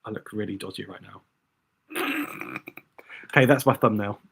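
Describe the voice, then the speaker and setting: Gravelly man chatting live. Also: on the low side, normal speed, a bit bright. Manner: chatty, thinking aloud and talking to viewers. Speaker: drag queen doing makeup on a livestream. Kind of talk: casual livestream chat while doing makeup.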